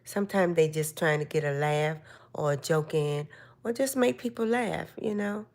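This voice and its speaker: An older woman hosting a casual live stream chat, giving slow, gentle, motherly advice to her viewers. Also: low voice.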